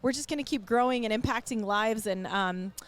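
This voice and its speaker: A woman's voice: on the high side, a little fast. A woman guest on a podcast, speaking earnestly and encouragingly in casual interview talk. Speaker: podcast guest, nonprofit founder.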